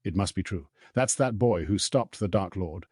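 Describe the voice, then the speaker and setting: A man voicing a bitter old male house elf who mutters resentfully in a hoarse, croaking voice. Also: deep voice, expressive, moderate pace, darkish tone, no echo, studio quality. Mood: muttering. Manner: resentful grumbling under breath.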